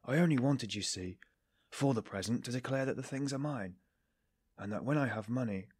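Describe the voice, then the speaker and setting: A man reading an audiobook, voicing a nervous young man who strains to sound calm. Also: mid-range voice, moderate pace, slightly rough, dry recording, clean studio sound, lightly acted. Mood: tense. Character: nervous, guarded young man hiding guilt.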